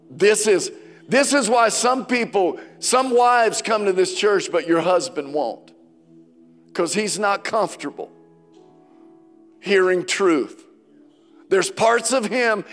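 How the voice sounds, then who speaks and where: A man preaching a sermon as pastor, passionate, swinging between loud declarations and hushed quotes from scripture. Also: sits high. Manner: passionate preaching, voice rising and dropping, quoting scripture dramatically. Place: church sanctuary. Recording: church hall with long reverb and faint music.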